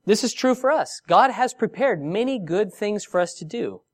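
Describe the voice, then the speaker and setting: A man preaching a sermon, expressive and emphatic, reading scripture and asking rhetorical questions. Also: sits high, normal speed. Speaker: pastor.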